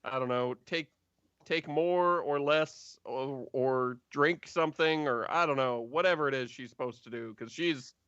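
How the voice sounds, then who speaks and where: Dude doing tired guard guy, calm and firm, dull dry audio. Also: medium pitch, measured pace, smooth, no room sound. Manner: calm, firm, trying to defuse. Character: weary no-nonsense male city guard.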